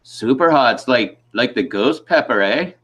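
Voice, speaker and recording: A man putting on a Canadian accent to play a polite, probing male border officer who asks drawn-out questions ending in a tag. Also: medium pitch, animated, fairly bright tone, husky. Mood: curious.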